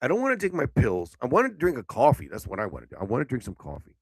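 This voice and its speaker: A man's voice: mid-range voice, wildly swooping pitch, quick pace, no room sound. Rambling sleepy man hosting a live stream. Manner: rambling, loud outbursts, swearing, jokey. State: sleepy, yawning. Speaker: live show host. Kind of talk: casual solo live stream rant.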